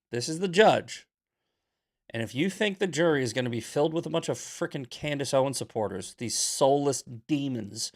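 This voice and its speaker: Speaking in a mid-range voice, this American political commentary host gets heated and sermonizing. He curses and hammers points home by saying them again.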